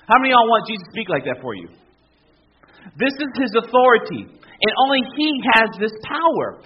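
High-voiced emphatic man preaching a sermon. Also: wildly swooping pitch, fairly quick, husky, highs cut off. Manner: emphatic, keeps asking the congregation questions. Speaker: pastor.

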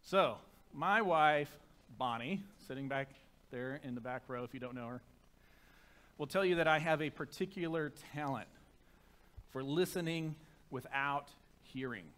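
A man preaching a sermon to a church congregation through a microphone, conversational and self-deprecating, turning soft and reverent in prayer. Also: fairly high pitch, moderate pace, clean tone. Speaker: pastor. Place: church sanctuary.

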